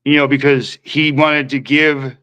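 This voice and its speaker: A man's voice: fairly high pitch, little pitch movement, a little slow, pushed and bright, dull audio. A man from Minnesota telling his recovery story as a podcast guest, rambling and slangy, acting out what people said. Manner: rambling, slangy, acts out quoted voices. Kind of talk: casual storytelling.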